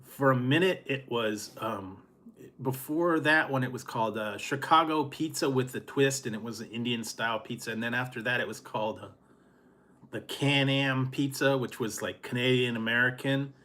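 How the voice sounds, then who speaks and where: A man's voice: medium pitch, moderate pace, bright, forceful tone. A man hosting a casual food review vlog, rambling and chuckling often.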